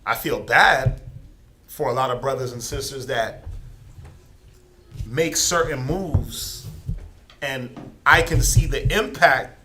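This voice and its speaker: A man's voice: medium pitch, slow pace, pauses often, noisy background. A man teaching a Bible class, talking informally and firing off rhetorical questions. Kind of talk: conversational preaching.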